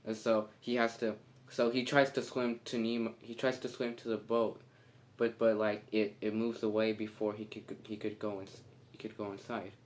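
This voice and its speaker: Halting low-voiced man retelling a movie. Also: flat delivery. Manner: halting, full of fillers and restarts. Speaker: movie reviewer. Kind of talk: casual plot retelling.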